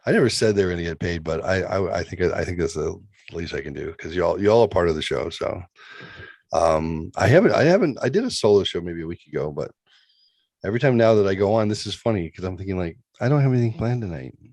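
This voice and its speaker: A man's voice: low voice, expressive, fast talker, vocal fry, a little mellow, dry recording. A middle-aged man hosting a casual talk show, rambling and joking crudely about his kids and streaming. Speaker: podcast host. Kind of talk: casual chat.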